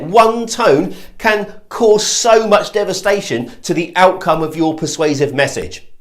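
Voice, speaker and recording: A man teaching sales persuasion in an instructional video, direct and emphatic, acting out tones of voice as examples. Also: mid-range voice. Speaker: sales trainer.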